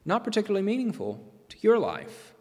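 Animated male preacher in a reverberant hall. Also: high-pitched. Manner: emphatic, rising and falling delivery with dramatic pauses. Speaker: pastor. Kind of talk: sermon. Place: church sanctuary. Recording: long reverb of a large hall.

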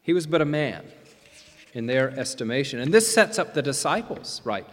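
Animated male preacher in a reverberant hall. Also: a little high. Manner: emphatic, rising and falling delivery with dramatic pauses. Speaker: pastor. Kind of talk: sermon. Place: church sanctuary. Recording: long reverb of a large hall.

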